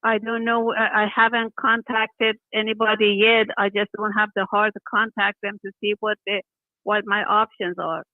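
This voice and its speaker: A woman's voice: mid-range voice, level tone, moderate pace, no echo. Hesitant older woman on a tinny phone line. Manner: hesitant, soft-spoken, weary. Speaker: person called by phone.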